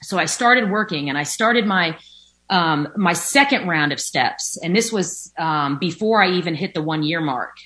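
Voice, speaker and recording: A woman in recovery from alcoholism describes her journey at home near a window, her fairly low, slightly bright voice moving at a moderate pace with lively intonation. The testimony is candid, loaded with fillers, and sometimes includes a swear word.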